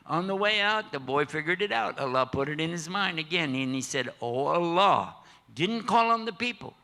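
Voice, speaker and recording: Speaking at normal speed in a somewhat high voice, an older man gives a sermon in a mosque hall built around a story. He keeps it animated and funny, joking with listeners and voicing the characters.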